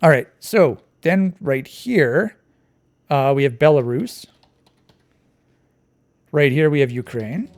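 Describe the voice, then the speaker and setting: A man's voice: a little high, lively intonation, takes it slowly, pauses often, a little mellow, no echo. A man giving casual, digressive commentary while playing a map quiz, thinking aloud as he goes. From Canada. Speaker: quiz channel host.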